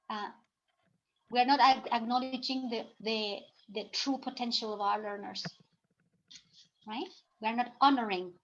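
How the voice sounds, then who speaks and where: A woman with a high voice leads a workshop for teachers, talking in a loose, chatty way and often restarting her sentences. The recording is slightly dull and lo-fi. Faint background noise sits under her voice. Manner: chatty, thinking aloud with frequent "it's like" and restarts. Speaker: teacher trainer presenting a workshop. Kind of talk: live presentation to teachers.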